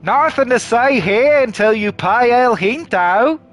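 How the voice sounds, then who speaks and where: A man voicing a bald, brutish guard in a video game, with a put-on Australian accent, slow and loud. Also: very high voice, lively intonation, soft background music, voice pushed up, full character voice. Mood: gruff.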